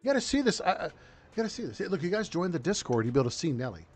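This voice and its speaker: A man hosting a political commentary podcast from his home studio, riffing in a mocking, crude, animated way. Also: sits high, very fast, slightly rough, faint music behind. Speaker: podcast host.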